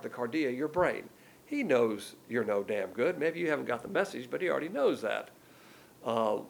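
A man's voice: mid-range voice, gravelly, slight background noise. A man preaching a verse-by-verse Bible teaching in a blunt, conversational way with emphatic asides.

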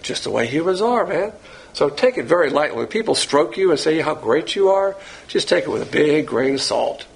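A male preacher teaching scripture with a gravelly, husky voice. He is blunt and combative, mocking what he dislikes with sarcasm. His pitch leaps up suddenly when he stresses a point. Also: expressive, brisk. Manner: emphatic, with sudden loud jumps in pitch. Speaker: Bible teacher. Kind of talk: sermon-style Bible teaching.

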